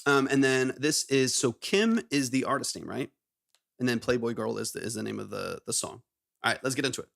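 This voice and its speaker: A man hosting a live stream in casual chat, upbeat and quick to praise. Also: medium pitch, animated, creaky, a bit bright. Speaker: live stream host reviewing music submissions.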